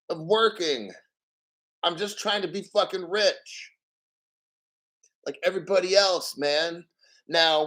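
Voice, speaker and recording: A man hosting a live-streamed crypto show, reading an article aloud and riffing on it in an excitable, profane way, often claiming he is about to cry. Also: high-pitched. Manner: profane, excitable, mock tearful; reads article aloud slowly, then riffs. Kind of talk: live-stream commentary with callers.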